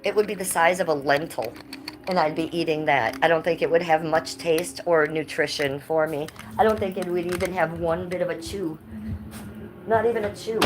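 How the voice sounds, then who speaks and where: A woman's voice: lowish voice, poor audio. A middle-aged woman chatting casually on a livestream from her living room, blunt and given to swearing. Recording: music playing clearly behind.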